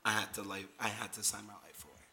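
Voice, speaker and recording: A man's voice: fairly low pitch, fast, background noise. A man hosting a casual vlog, rambling through travel photos and repeating words. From Canada. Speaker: host.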